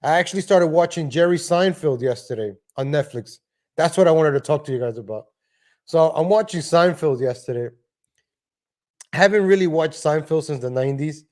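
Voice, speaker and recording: Brief: male streamer, loose rambling monologue, somewhat high-pitched. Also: brisk, a little mellow. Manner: rambling, frequent restarts and asides. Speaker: live stream host. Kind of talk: casual livestream rant. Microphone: home desk microphone.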